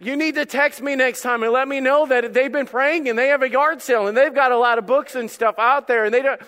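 A man's voice: extremely high pitch, fairly even intonation, moderate pace, sharp tone, clear, resonant tone, pitched above the performer's own voice. Man playing a sarcastic, exasperated God. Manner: mock-incredulous, teasing.

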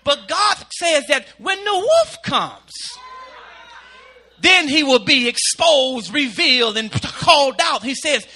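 A male pastor preaching a sermon, building into shouted, sing-song delivery. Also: very high-pitched.

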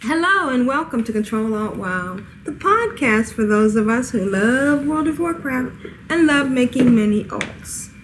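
A woman with a fairly high voice hosts a relaxed podcast and laughs easily between sentences. She talks loosely and informally into a desk microphone, and a faint hiss sits under her voice. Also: unhurried. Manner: giggly, laughs often between lines. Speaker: podcast host. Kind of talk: casual chat.

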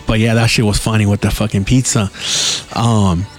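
A podcast host tells rambling stories casually, full of heavy swearing and laid-back slang. His voice is fairly low and level, at a normal speed.

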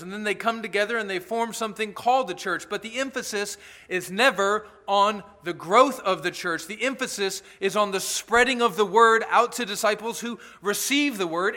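A man's voice: sits high, pushed and bright. A man preaching an earnest, emphatic sermon as pastor, with asides to the congregation.

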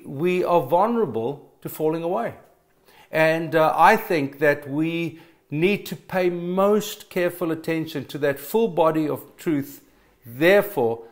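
A middle-aged man preaching a sermon, telling stories with emphatic stammered restarts. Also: a little high. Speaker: pastor.

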